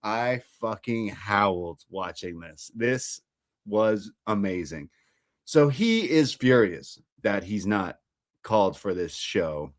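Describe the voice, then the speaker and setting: A man's voice: on the low side, animated, slow pace. A man co-hosting a casual film review podcast who swears freely and retells scenes with laughter.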